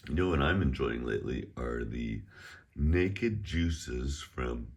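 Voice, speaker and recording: A man's voice: extremely low pitch, lively intonation, takes it slowly, pauses often, a little mellow, slightly rough. A middle-aged man teaching a casual online Chinese lesson at home, chatty and prone to rambling asides. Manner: sings out exaggerated tones in pronunciation drills.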